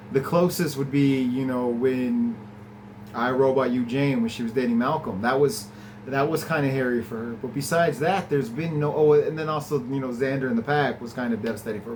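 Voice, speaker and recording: A man at a middle pitch, talking through an episode in a loose, chatty recap. He gets excited easily, laughs along the way, and his voice leaps upward when something delights him. There is a faint hiss of room noise behind him. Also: rough recording. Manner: chatty and enthusiastic, laughs often, swings from low to high pitch. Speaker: podcast host reviewing an episode. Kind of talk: casual recap and commentary.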